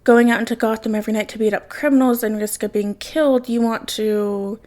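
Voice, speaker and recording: A smirking, defiant young man, read by a woman with a sardonic, mocking edge to every line. The delivery is fairly high pitched and comes across as a plain storybook reading. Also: steady tone, brisk, a little mellow, lightly acted.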